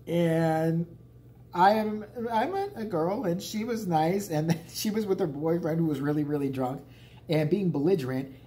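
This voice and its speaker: A man's voice: on the high side, animated, moderate pace, dark tone. A man telling a rambling, profane story in a casual vlog. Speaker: vlogger.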